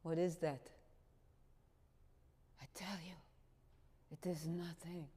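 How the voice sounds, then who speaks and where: Give me a woman as a grave older man, gently insistent and a touch deep, in a big reverberant hall. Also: fairly even intonation, husky. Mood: gentle, earnest. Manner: slow, patient, quietly insistent. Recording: long reverb of a church hall.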